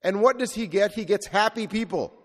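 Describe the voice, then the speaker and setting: A male Catholic priest with a high voice preaches fairly quickly in a church, his words carried by the long reverb of a large space. His sermon mixes reflective storytelling with rhetorical repetition.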